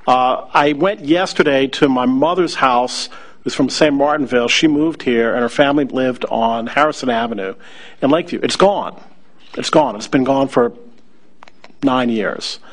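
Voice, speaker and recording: A man's voice: mid-range voice, moderate pace. A middle-aged man from New Orleans, a law school faculty member, telling wry personal stories to an audience with frequent hesitations. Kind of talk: personal storytelling talk to an audience.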